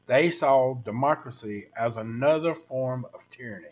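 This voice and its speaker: A man's voice: mid-range voice, moderate pace, lo-fi sound. Rambling sixty-something man. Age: 60s. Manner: rambling, preachy, addresses viewers as folks. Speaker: livestream host. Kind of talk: casual livestream rant.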